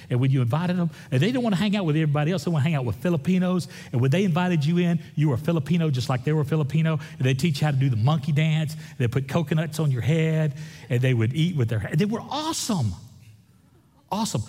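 A pastor preaching a lively sermon, full of jokes and quick asides to the congregation. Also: male voice, fairly high pitch. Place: large church hall. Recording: echoey hall, from far off.

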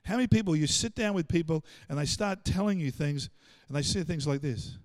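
A man with an Australian accent preaching a sermon, animated and full of stammered restarts as he acts out the voices of the people he quotes. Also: fairly high pitch, a little fast, dry recording. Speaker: pastor.

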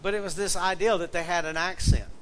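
A middle-aged Southern man preaches in a relaxed, storytelling way, and his voice sits a little higher than most men's. He moves easily between homespun anecdotes and reading scripture aloud. A faint air conditioner hum runs underneath. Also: fast, poor audio. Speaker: pastor. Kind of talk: conversational sermon.

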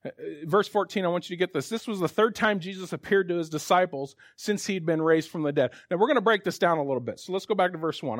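Man, pastor, sermon, high voice, dry close sound, conversational then emphatic. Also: fast, hardly any pauses, no echo. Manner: conversational preaching, rising to emphatic exhortation.

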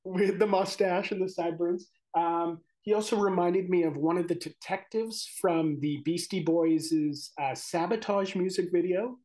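A man's voice: high-pitched, unhurried, hardly any pauses, dark tone. A man co-hosting a podcast in casual chat, easygoing and joking. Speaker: podcast co-host.

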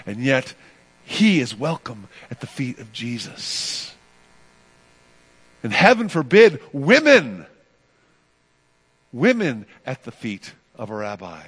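A male pastor with a higher-pitched voice preaches a sermon emphatically, repeating phrases and swinging between loud and soft passages.

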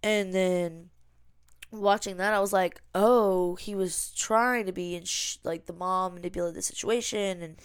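A woman's voice: on the low side, fairly even intonation, unhurried, clean tone, no room sound, studio quality. A woman from the American South with a Southern accent, co-hosting a podcast in a chatty, rambling way. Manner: chatty, rambling, uses lots of fillers. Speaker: podcast co-host. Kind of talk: casual chat.

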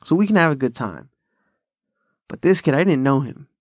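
A podcast host with a slightly high, animated voice speaks at normal speed in a dry, clean studio recording. In casual chat he tells rambling, profane, bro-style stories, laughing frequently.

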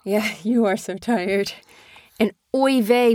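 A woman's voice: mid-range voice, fairly even intonation, slow pace, a little mellow. A woman casually chatting with her child as host of a small family show, talkative and teasing. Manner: chatty, talks a lot, teasing. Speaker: podcast host and parent.

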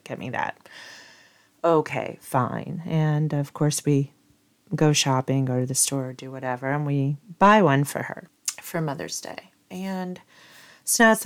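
A woman vlogger telling a personal story in a candid, chatty way, cursing casually and wandering off on asides. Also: low voice.

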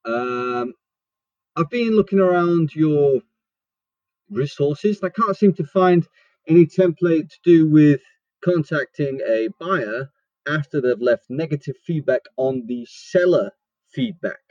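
A man's voice: a little high, lively intonation, unhurried, darkish tone, dry recording. A man leaves a recorded question for a podcast, hesitant and rambling while he tries out an odd put-on accent. The sound is dull and lo-fi, like a voicemail, with a dry, close feel. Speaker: caller leaving a voice message.

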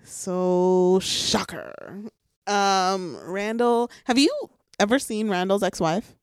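A woman's voice: mid-range voice, takes it slowly, clear, resonant tone, no echo, studio quality. A young woman co-hosting a podcast, casually recapping reality TV gossip in a chatty, filler-heavy way. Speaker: podcast co-host.

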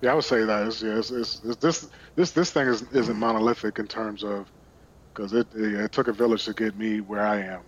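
A man's voice: on the low side, steady tone, brisk, dull audio. A man from Brooklyn, a podcast guest telling stories in a candid, casual way and swearing freely. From Brooklyn, New York. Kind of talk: casual storytelling.

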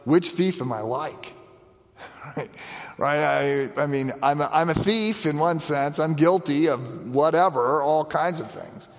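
A man preaching a conversational sermon, animated, with frequent restarts and asides. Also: a little high, slow, big-room sound. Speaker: pastor. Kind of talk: sermon on the stations of the cross.

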